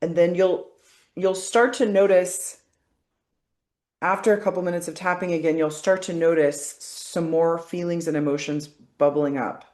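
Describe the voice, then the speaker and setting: A woman facilitating a guided body-work session, coaching calmly and often checking in with "okay?". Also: on the low side, moderate pace, roomy sound.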